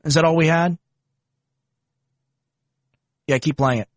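A man's voice: fairly high pitch, steady tone, quick pace, no room sound. A young man commenting on video clips, indignant and mocking. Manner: indignant, mocking, puts on silly voices. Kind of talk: political commentary.

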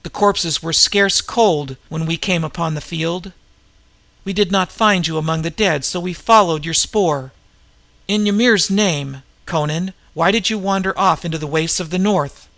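Brief: gruff northern warrior comrade, as a narrator plays him, grunting, gravelly and raised in pitch. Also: male voice, pushed and bright, no room sound, full character voice.

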